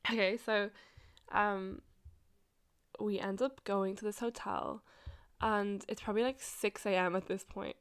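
A woman's voice: mid-range voice, fairly even intonation, unhurried, long pauses, clean tone. A young woman vlogger casually telling a long story, rambling, swearing and laughing often.

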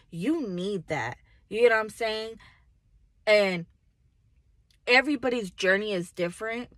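A woman's voice: medium pitch, sharp tone, no echo. A young woman vlogger talking casually and bluntly to her viewers, swearing a lot and giving motivational advice after a workout. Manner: blunt and profane, heavy slang.

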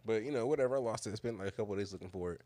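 A man's voice: lowish voice, very fast, mellow, dry recording. A man, co-hosting a casual chat and telling rambling stories with lots of laughter. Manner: laughing, rambling, loose storytelling. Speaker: podcast co-host.

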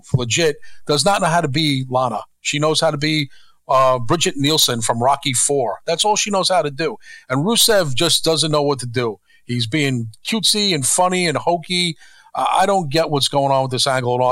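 A man's voice: a little high, a bit bright, no room sound. A man co-hosting a podcast, ranting bluntly and profanely in casual chat. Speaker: co-host.

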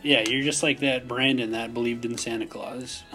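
A young man with a Minnesota accent, co-hosting a casual podcast chat, telling animated stories and laughing often. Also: medium pitch, normal speed, faint music behind. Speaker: podcast co-host.

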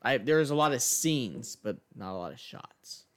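A young man in a middle pitch talks casually about a movie with his co-host. He is easygoing and agreeable, often restarting his sentences as he reacts. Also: lively intonation, measured pace, a bit bright. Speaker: podcast co-host. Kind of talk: casual movie review chat.

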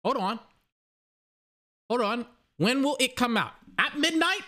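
Young male podcast host, bright tone, loose excitable rambling chat. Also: extremely high pitch, a little slow. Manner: rambling, excitable, swears casually. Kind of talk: casual solo podcast chat.

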